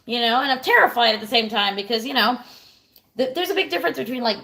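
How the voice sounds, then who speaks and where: A woman's voice: a little high, expressive, fast, bright, forceful tone. A woman in her thirties chatting casually on a livestream, telling a rambling, profane story and answering viewers. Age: 30s. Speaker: streamer.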